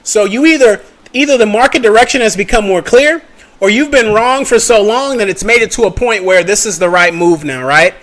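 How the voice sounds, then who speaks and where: A man's voice: high voice, a little fast, a bit bright. A young man giving a casual screen-share trading lesson, chatty and checking in with the viewer often. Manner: chatty, checks in with "okay?" and "right?" often, mutters at his computer. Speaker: trading educator.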